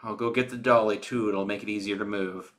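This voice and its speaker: A man's voice: fairly low pitch, fairly even intonation, fairly quick, fairly bright tone. A man playing an online tabletop game, talking casually and rambling with fillers. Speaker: player.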